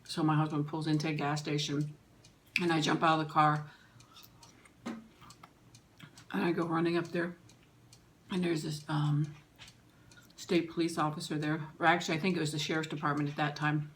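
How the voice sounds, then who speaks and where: Low, flat-voiced woman telling a story. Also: slight background noise. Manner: emotional, halting, with pauses and restarts. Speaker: vlogger. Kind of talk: personal storytelling.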